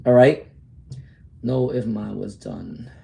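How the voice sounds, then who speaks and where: A man's voice: medium pitch, fairly even intonation, takes it slowly, gravelly, warm tone. A man with a New York accent giving an upbeat, encouraging live tarot reading and answering viewers' questions. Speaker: tarot reader.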